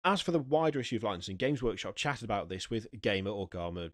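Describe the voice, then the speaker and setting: A man's voice: mid-range voice, animated, quick pace, no echo. Sweary man reading gaming news. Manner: reads news aloud, swears, breaks off into asides. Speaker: podcast host. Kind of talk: casual news chat. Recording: dry close mic.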